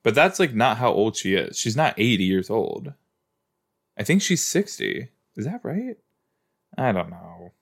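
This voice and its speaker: Slow, rambling man hosting a watch-along. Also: fairly low pitch, big pitch swings, gravelly. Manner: rambling, self-questioning, musing aloud. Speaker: podcast host. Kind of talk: casual watch-along commentary.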